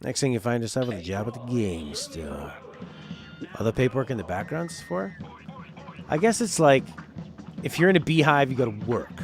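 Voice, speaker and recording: A man's voice: medium pitch, very animated, moderate pace, long pauses, music in the background. A man streaming a video game, rambling through casual commentary with joking asides. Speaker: gaming streamer. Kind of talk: casual live gameplay commentary.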